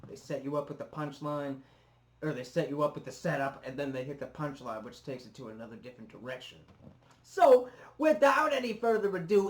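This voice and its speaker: A man's voice: fairly high pitch, a little hiss or hum. A man hosting a casual reaction video, laid-back, swearing freely and laughing easily. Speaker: YouTube reaction host.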